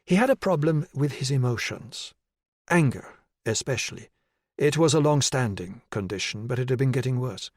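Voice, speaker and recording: A male audiobook narrator voicing a nervous woman psychiatrist in her late forties, speaking in a hesitant, measured way. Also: medium pitch, expressive, darkish tone, no room sound, studio quality, lightly acted. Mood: guarded.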